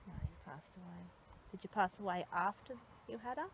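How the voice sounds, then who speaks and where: A woman working as a psychic medium, gently asking a spirit question after question at a graveside in an outdoor cemetery. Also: on the low side, brisk, gravelly. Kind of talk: spoken séance at a graveside. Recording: outdoor noise behind the voice.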